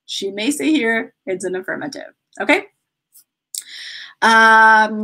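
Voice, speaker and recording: This Brazilian-accented woman runs an English grammar class at a slow pace, her pitch fairly high. She's animated and laughs a lot while putting students through example sentences.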